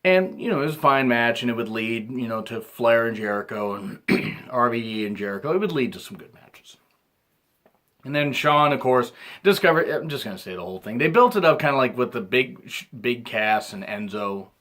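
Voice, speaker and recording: A man in his thirties giving a rambling casual recap as a reviewer, often clearing his throat and restarting his sentences. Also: mid-range voice, expressive, normal speed, a bit bright. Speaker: wrestling reviewer.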